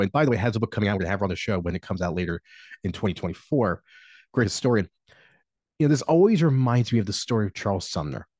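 A man's voice: mid-range voice, a little mellow, no echo, studio quality. A man co-hosting a political podcast who tells stories in a rambling way, full of fillers. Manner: rambling, many "you know" fillers. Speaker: podcast co-host. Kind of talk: casual podcast storytelling.

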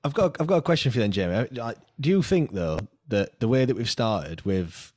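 A man's voice: medium pitch, animated, brisk, darkish tone, no echo, studio quality. A man co-hosting a casual football podcast, talking hesitantly with frequent restarts. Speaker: podcast co-host.

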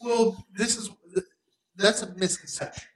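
A man's voice: high voice, fairly even intonation, a little slow, noisy background. A man in his thirties co-hosting a casual podcast, talking in a heated, emphatic, profane way. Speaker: podcast co-host.

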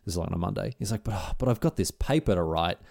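Podcast co-host, male, brisk delivery, lively storyteller doing little voices for his friends. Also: sits low, gravelly. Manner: animated anecdote-telling, quotes friends in exaggerated voices. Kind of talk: casual chat, storytelling.

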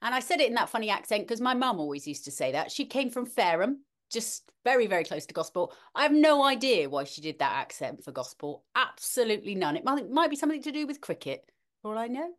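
A middle-aged woman, co-hosting a casual weather chat, animated and talkative, with frequent ums and restarts. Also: a little high, quick pace. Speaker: podcast co-host, weather presenter.

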